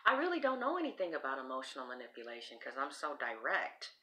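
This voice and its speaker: A woman's voice: very deep voice, huge pitch swings, quick pace, sharp tone. A woman reading tarot cards in a casual vlog, rambling, blunt and swearing freely. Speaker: tarot reader.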